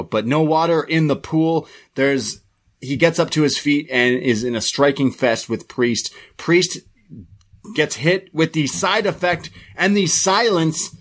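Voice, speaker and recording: A man co-hosting a podcast, giving a rambling, casual play-by-play recap with frequent restarts. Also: fairly high pitch. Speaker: podcast co-host reviewing wrestling.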